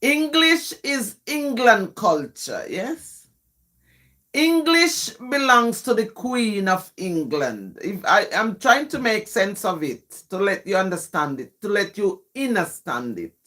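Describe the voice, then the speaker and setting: Jamaican woman poet hosting a live stream, unhurried delivery, explains things patiently and keeps checking in with viewers. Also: mid-range voice, big pitch swings, pushed and bright. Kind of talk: live stream, reading poetry and chatting with viewers.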